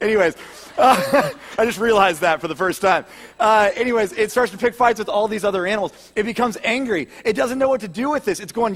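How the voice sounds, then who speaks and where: High-voiced man preaching with self-mocking humor. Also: a little fast, fairly bright tone. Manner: humorous, self-deprecating storytelling; earnest and reflective when speaking of growing up. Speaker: pastor. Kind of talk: sermon.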